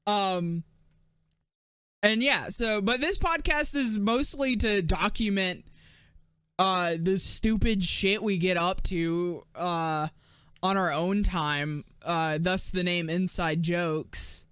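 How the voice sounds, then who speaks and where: A man's voice: high-pitched, slow, fairly bright tone, smooth, no room sound, studio quality. A man hosting a casual podcast, laughing often and swearing freely in rambling talk. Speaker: podcast host.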